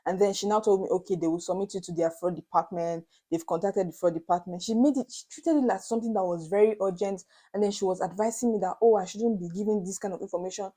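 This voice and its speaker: A woman's voice: mid-range voice, quick pace, few pauses. Nigerian woman telling a dramatic story. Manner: animated, dramatic retelling with Pidgin asides. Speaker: vlogger. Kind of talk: storytelling to camera.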